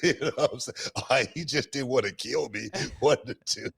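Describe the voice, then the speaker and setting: A middle-aged man co-hosting a podcast, telling stories in a loud, animated way with lots of slang and laughter. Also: mid-range voice, normal speed, vocal fry, breathy edge. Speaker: podcast co-host. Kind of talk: casual storytelling chat.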